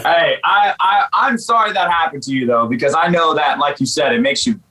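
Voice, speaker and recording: A man hosts a casual interview in a slightly high, bright voice. He talks loosely and swears often. His questions are full of fillers. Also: brisk, poor audio. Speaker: interview host.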